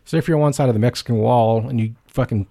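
A man's voice: medium pitch, fast, vocal fry, mellow. A man co-hosting a podcast who asks crude, absurd follow-up questions and swears casually. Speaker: podcast co-host.

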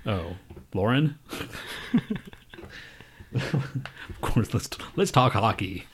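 A man co-hosting a podcast, talking in loud, profane, ranting casual banter. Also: on the low side, animated, drawn-out words, slight background noise. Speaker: podcast co-host.

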